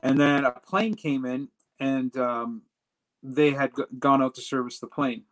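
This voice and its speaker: A man telling a personal story in a casual, animated way, acting out the dialogue as he goes. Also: mid-range voice, measured pace, poor audio. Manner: animated retelling that acts out quoted dialogue. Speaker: storyteller recounting a personal trip.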